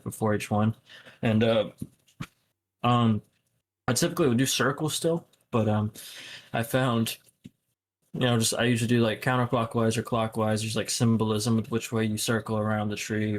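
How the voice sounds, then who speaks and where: A young man with a low voice talks casually on a podcast. He rambles loosely, packing his sentences with fillers and curses, and his delivery stays fairly flat. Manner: rambling, full of fillers and profanity. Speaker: podcast co-host. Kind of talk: casual chat.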